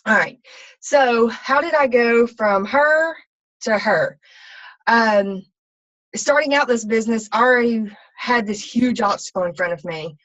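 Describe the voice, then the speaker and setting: A woman's voice: on the high side, expressive, measured pace, a bit bright. A woman, a fitness coach, telling her personal story in a candid, rambling way full of ums and restarts. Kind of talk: personal testimony talk. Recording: slightly dull, lo-fi sound.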